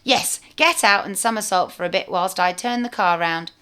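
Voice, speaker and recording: A woman's voice: medium pitch, moderate pace, clear, resonant tone, natural voice. A woman reading a storybook aloud, voicing a fussy, talkative male toy rabbit who drives the car. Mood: flustered. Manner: fussy, sociable and flattering.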